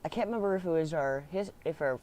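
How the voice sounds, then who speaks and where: A young man chats loosely about his school days, restarting sentences and laughing along the way. His voice sits a little high and sounds smooth and clear. He swears offhandedly and keeps the story loose. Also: fast talker, a little mellow. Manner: rambling, laughing, swears casually, many restarts. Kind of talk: casual storytelling chat.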